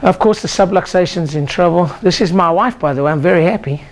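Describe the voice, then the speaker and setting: A man's voice: sits high, fast talker. An older man, a chiropractor, giving an exclamatory motivational seminar talk and leading the audience in call-and-response chants. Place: lecture room with a live audience.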